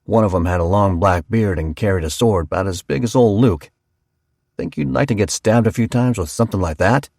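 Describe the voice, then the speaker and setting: A man voicing a blunt, cursing small-town male barber with a grinding, gravelly voice. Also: on the low side, fairly quick, darkish tone, dry recording, studio quality. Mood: grumbling. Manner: blunt, swearing.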